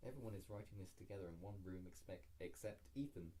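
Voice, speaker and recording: A man's voice: low voice, quick pace, warm tone, slight background noise. A young man hosting a podcast, reading his own story aloud in casual chat and laughing often as he swears and mocks himself.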